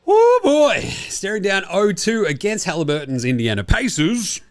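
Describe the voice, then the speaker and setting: Lively, swearing Australian bloke. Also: male voice, sits high, normal speed. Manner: profane, jokey and rambling. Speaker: podcast host. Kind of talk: casual sports chat.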